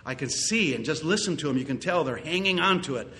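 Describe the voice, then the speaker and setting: Man, pastor, sermon, bright tone, somewhat high voice, earnest, repeats phrases. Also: expressive, fast talker. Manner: earnest preaching, repeats key phrases, rises to loud exclaims.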